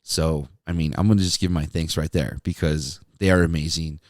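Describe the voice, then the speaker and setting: This man has a rumbling low voice with fairly even intonation and a moderate pace, captured dry with clean studio sound. A podcast host and former radio DJ, he tells stories in a laid-back monologue, laughing often and dropping "dude" and "man."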